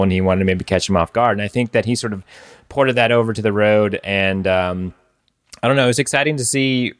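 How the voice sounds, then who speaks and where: A man with a fairly low, clean-toned voice co-hosts a casual podcast about cycling. He talks in a loose, rambling way with many fillers.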